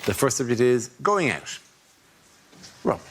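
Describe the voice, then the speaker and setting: A man hosting a panel show, introducing rounds in a brisk announcer manner. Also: medium pitch, very animated, a little hiss or hum. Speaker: host. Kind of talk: presenting a panel game.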